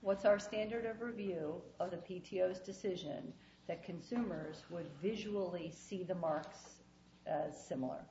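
A woman's voice: on the low side, moderate pace, mellow. A woman appellate judge questioning an attorney from the bench, direct and pointed. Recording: dull echoey courtroom audio, faint noise.

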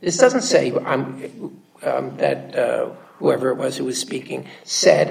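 Judge cutting in to lay out the law, super gravelly voice, off mic. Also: medium pitch, slow pace, a little mellow. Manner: interrupting, explaining the law firmly. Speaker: appellate judge. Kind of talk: questioning counsel from the bench. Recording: voice heard from a distance.

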